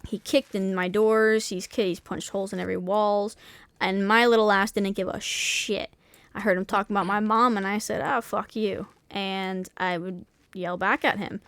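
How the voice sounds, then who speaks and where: A woman's voice: mid-range voice, little pitch movement, moderate pace, fairly bright tone, clear, resonant tone, no room sound. A young woman streamer in casual chat, talking candidly and swearing freely, with many restarts and fillers.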